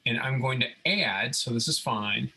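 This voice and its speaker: A man's gravelly, slightly rough voice, medium in pitch and moderate in pace, guides viewers through a computer design tutorial recorded from his screen. He is a robotics instructor, relaxed as he explains each step and checking in often with "okay?" The recording is low quality.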